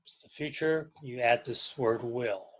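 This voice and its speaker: A man teaching an English grammar class to adult learners, explaining slowly and clearly and pausing so students can repeat after him. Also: medium pitch, a bit bright, dull audio. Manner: patient, deliberate, pauses for learners to repeat. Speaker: ESL teacher.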